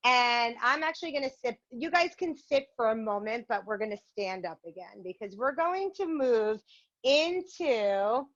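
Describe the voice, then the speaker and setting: A woman's voice: a little high, expressive, normal speed, a bit bright. A woman leading a virtual yoga and mindfulness class, guiding poses and a game in an upbeat, encouraging way. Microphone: video call. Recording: muffled video-call audio.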